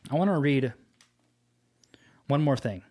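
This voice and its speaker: Man, preacher, devotional teaching, slow earnest delivery, medium pitch. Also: expressive, darkish tone. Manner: slow, earnest storytelling with scripture quotes. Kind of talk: devotional teaching with personal story.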